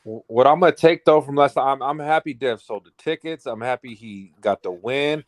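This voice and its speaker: A man's voice: mid-range voice, brisk, dry recording. A man co-hosting a casual boxing talk show, slangy and laid-back. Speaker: podcast co-host.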